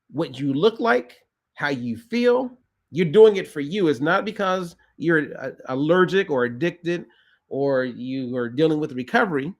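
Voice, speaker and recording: A man talking to camera as a nutrition coach in a casual, emphatic way, often repeating phrases for emphasis. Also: a little high. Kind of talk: casual direct-to-camera talk.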